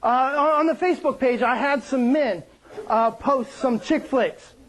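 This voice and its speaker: A male pastor preaching a sermon, with joking, animated storytelling and playful put-on voices. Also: very high voice, unhurried, poor audio.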